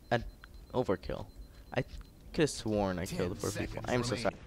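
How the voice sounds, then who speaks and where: A man's voice: fairly low pitch, fairly quick, creaky, few pauses. A teenage boy rambling in casual gameplay commentary, full of fillers and frustrated ranting. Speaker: gaming YouTuber.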